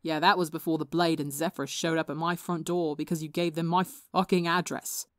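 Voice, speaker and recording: A woman's voice: low voice, a little fast, no room sound, studio quality, natural voice. Give me a woman reading as a snappish young man. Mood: angry. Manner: snappish, profane. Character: hot-tempered young man, a weary healer.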